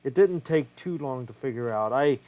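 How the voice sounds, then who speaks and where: A man's voice: medium pitch, animated, normal speed, darkish tone, dry recording. A man casually talking through a hands-on repair of an old game cartridge, thinking aloud and swearing freely as he works. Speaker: retro game collector.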